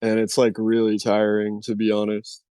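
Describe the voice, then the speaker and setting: A man's voice: lowish voice, monotone, moderate pace, warm tone, smooth, no echo. A man hosting a casual podcast, talking loosely and rambling, with casual swearing. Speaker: podcast host. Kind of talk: casual chat.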